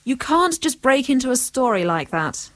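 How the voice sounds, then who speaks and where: A woman's voice: high voice, sing-song, moderate pace, dry recording. A woman narrating a comic story in a firm, bossy manner, keeping unruly characters in line.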